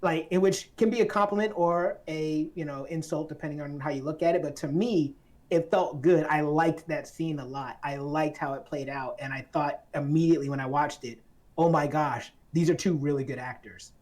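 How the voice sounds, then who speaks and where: A woman's voice: low-pitched, steady tone, moderate pace, a little mellow. A woman from Atlanta, hosting a casual film discussion podcast in a playful, chatty way. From Atlanta, Georgia. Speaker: podcast host.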